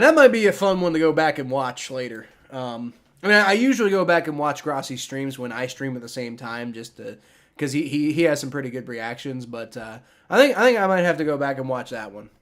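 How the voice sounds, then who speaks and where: Animated young man streaming, rambling. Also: medium pitch. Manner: rambling, lots of restarts and swearing. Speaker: streamer reacting to a sports draft. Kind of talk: casual live-stream reaction.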